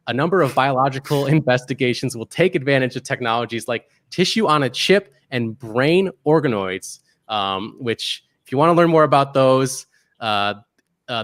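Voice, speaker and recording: Male podcast host, mid-pitch, hesitant reader, dead dry sound. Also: a bit bright, dry recording. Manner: hesitant, many fillers, reads out article text. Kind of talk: casual science news chat.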